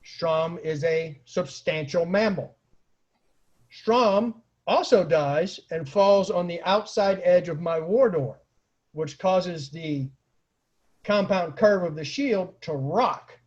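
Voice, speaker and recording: A man telling a personal anecdote slowly and deliberately, with wry understatement. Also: high-pitched, a little mellow, highs cut off. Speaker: storyteller.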